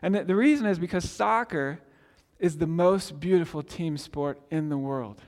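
Speaking at a normal speed, this forties-aged pastor has a slightly high, somewhat mellow voice that fills a large hall. His sermon is conversational and story-driven, with many self-interruptions and restarted sentences.

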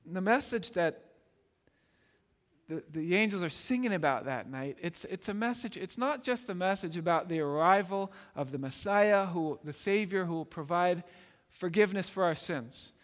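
A man's voice: high voice, expressive, normal speed, a bit bright, in a large hall. A man preaching a sermon in a conversational way, often repeating words and asking "right?". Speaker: pastor.

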